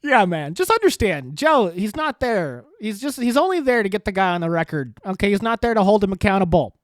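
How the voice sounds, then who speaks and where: A man with a fairly high voice riffs through profane, sarcastic political commentary on his podcast. He laughs often between thoughts. The recording is close and dry, with no room sound. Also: big pitch swings, a little fast, no echo. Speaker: podcast host. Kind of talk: crude rambling political commentary.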